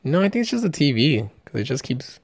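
This podcast host's voice is on the high side and gravelly, and he talks fast with no echo. He breaks down a movie trailer in a casual, jokey, profane and excited manner, tripping over his words a lot.

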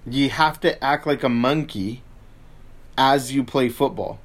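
A man's voice: mid-range voice, a little slow. A man co-hosting a casual chat, telling a story in a dry, wry way. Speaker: podcast co-host.

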